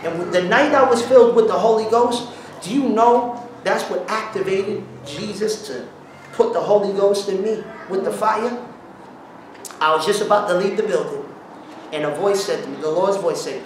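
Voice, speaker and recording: A man preaching an informal sermon, telling stories in slangy talk, breaking into song and shouts as he retells them. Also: high voice, normal speed, slight background noise. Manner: animated, bursts into song and shouts while retelling. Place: church hall. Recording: very echoey hall, mic at a distance.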